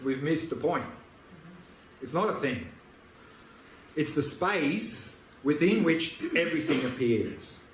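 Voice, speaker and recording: A man's voice: a little high, expressive, takes it slowly, long pauses, slight background noise. A man teaching meditation, answering questions with patient, repetitive explanations. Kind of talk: dharma teaching Q&A. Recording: echoey room, faint ambience.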